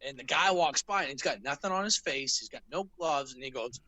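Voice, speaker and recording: A man's voice: medium pitch, expressive, fairly quick, sharp tone, no echo, rough recording. A man co-hosting a casual podcast, telling a rambling story full of swearing and acted-out quotes. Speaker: podcast co-host.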